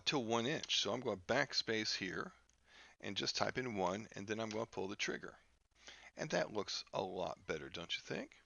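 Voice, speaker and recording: A man teaching a software lesson over a screen recording, talking haltingly with many fillers and restarts. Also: mid-range voice, creaky, dry recording, muffled recording. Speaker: instructor.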